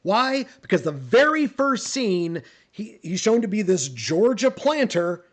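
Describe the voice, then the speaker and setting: A young man chatting on a live stream, answering history questions in an animated, opinionated way and often repeating words as he goes. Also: sits high, measured pace. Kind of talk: casual live Q&A chat.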